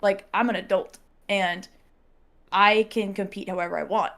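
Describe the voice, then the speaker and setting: A woman telling a personal story in casual podcast chat, animated, laughing often and acting out what people said. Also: mid-range voice, moderate pace.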